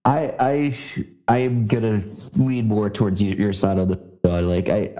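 Podcast guy, mellow dark voice, stumbles and restarts a lot. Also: fairly low pitch, steady tone, poor audio. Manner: hesitant, halting, many restarts. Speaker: podcast co-host. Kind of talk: casual podcast movie review.

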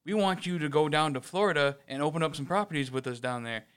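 A man's voice: fairly high pitch, fast talker, fairly bright tone, smooth. A man co-hosting a casual podcast, talking in a rambling, self-deprecating way with casual swearing. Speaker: podcast co-host.

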